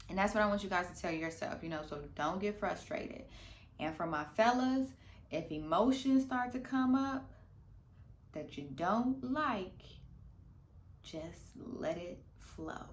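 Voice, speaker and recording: A woman vlogger giving casual, playful meditation advice, full of slang, swinging from lively bursts to soft murmurs. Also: fairly low pitch, slight background noise. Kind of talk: casual instructional talk. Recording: roomy room echo.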